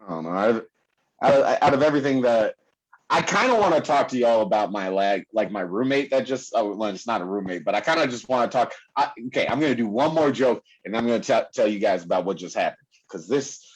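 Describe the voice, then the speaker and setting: A man's voice: on the low side, expressive, quick pace, breathy edge, rough recording. A man performing a stand-up comedy set on a club stage, rambling with lots of fillers and laughing at his own jokes. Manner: rambling, filler-heavy delivery.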